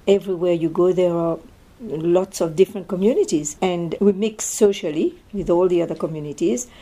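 A woman's voice: lowish voice, brisk, warm tone. An older woman, answering interview questions in a thoughtful, hesitant way with frequent fillers. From Mauritius.

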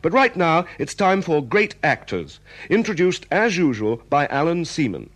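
A man's voice: on the high side, big pitch swings, moderate pace, a bit bright. A man playing a formal television continuity announcer in a comedy sketch. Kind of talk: comic broadcast announcement.

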